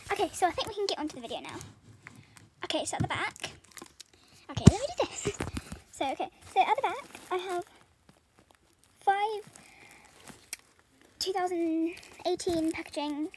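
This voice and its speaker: Very high, soft-spoken British teen girl. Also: expressive, normal speed, long pauses. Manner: soft-spoken, rambling and giggly. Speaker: vlogger. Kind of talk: casual vlog chat. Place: bedroom floor strewn with stationery. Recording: clear crinkling and rustling noise.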